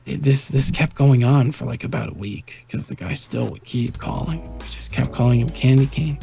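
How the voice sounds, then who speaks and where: A man co-hosting a podcast, telling a rambling, animated workplace story in casual chat. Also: mid-range voice, moderate pace, gravelly, faint music behind. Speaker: podcast co-host.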